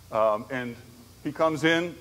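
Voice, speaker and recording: A man's voice: medium pitch, fairly bright tone. A man giving a conversational church conference lecture on disability ministry, telling stories and checking in with the audience. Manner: conversational, storytelling with frequent "right?" asides. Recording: echoey hall, faint background noise.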